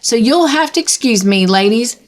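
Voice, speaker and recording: A woman's voice: on the high side, expressive, normal speed, natural voice. A woman reading as a meek, flustered farmer. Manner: polite, flustered. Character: meek, flustered middle-aged farmer, polite.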